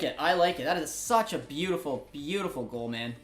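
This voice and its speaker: A man's voice: on the high side, fairly quick, faint music behind. A young man hosting a live football watchalong, reacting to the game and reading chat with lots of fillers. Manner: excitable, chatty, frequent fillers. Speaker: host of a football watchalong stream.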